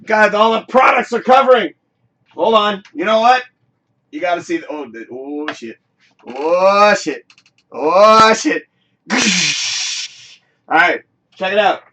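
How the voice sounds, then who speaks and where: Male host for a home-studio live show: high, bright voice, loose rambling delivery, curses and shouts freely. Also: slow, long pauses. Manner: rambling, excitable, swears freely, bursts into shouts. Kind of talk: casual live-stream chat.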